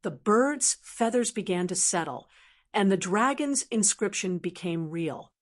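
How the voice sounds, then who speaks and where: An eager male court scholar solemnly reciting verse, as a woman reads him in an audiobook. The delivery is even and measured, at a middling pitch. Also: close to an everyday voice. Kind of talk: audiobook narration.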